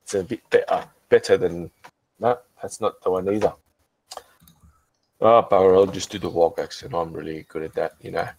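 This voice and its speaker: A low-voiced man talks casually on a call, clearly drunk. He rambles, restarts his sentences and swears freely. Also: steady tone, normal speed, a little mellow, a little hiss or hum, low-quality recording. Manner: rambling, stumbling, many restarts and profanity. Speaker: channel host. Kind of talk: casual chat on a group voice call.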